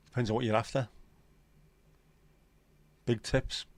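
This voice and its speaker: This man speaks unhurriedly in a mid-range voice with flat delivery, on a dry recording. Middle-aged and hosting a livestream, he reads the chat aloud and drifts through jokey pub-style banter.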